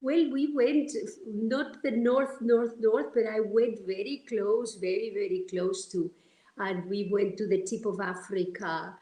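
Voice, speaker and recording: A woman from Argentina, sharing personal stories as a guest in a heartfelt, animated way. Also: mid-range voice, a little slow. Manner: heartfelt, animated, many restarts. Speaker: interview guest. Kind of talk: personal storytelling. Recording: roomy echo.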